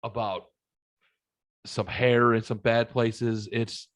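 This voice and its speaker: Man, podcast host, casual chat, swearing a lot, rambling, mid-pitched voice. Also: flat delivery, slow. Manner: profane, rambling, laid-back.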